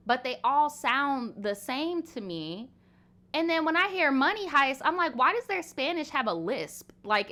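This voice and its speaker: A woman's voice: high-pitched, pushed and bright. Chatty, frank young woman streaming live. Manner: chatty, frank, swears casually, many "like"s and laughs. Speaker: livestream host. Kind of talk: casual live Q&A chat.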